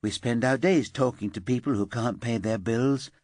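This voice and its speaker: A man voicing an anxious, eager-to-please young office worker with a high, light, slightly camp voice in an audiobook. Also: normal speed, a little mellow, no room sound, natural voice. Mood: distraught.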